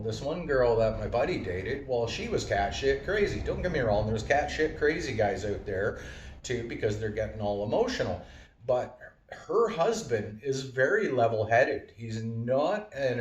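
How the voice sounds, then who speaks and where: A man's voice: mid-range voice, highs cut off. A man giving a casual, rambling monologue full of fillers and wordplay. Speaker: vlogger. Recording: roomy, distant from mic.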